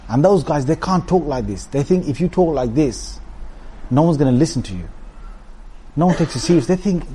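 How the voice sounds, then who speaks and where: A man delivering a conversational religious talk in a slightly higher voice. He speaks plainly and with humor to the brothers and sisters before him. His delivery stays loose and animated. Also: moderate pace, slight background noise. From Britain. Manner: animated, mimics shouting preachers with humor; melodic chanted recitation. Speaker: preacher. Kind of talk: Islamic talk with Quran recitation.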